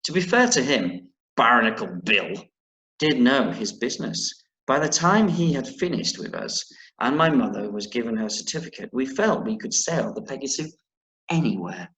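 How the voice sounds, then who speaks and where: A man's voice: mid-range voice, big pitch swings, moderate pace, a bit bright, echoey room, low-quality recording. A male teacher reading a novel aloud to pupils, breaking off now and then to explain words and set homework.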